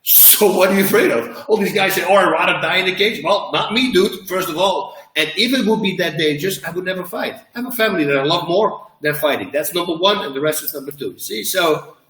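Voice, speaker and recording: Emphatic former fighter, bright echoey voice. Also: male voice, sits high, fairly quick, far from the mic. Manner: emphatic, animated storytelling with acted quotes. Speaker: former fighter, interview guest. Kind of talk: interview answers.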